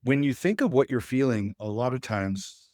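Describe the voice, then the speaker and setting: A man's voice: medium pitch, animated, moderate pace, darkish tone, dry recording, clean studio sound. A man leading a relationship workshop, speaking to a live audience in a folksy way and acting out bits of dialogue. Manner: folksy, acts out quoted dialogue. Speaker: relationship coach.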